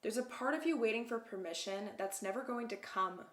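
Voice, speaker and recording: A woman's voice: fairly high pitch, a little fast. A woman giving a casual card reading to viewers, heartfelt and effusive, leaning hard on the lines she wants heard. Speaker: tarot card reader. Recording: echoey room.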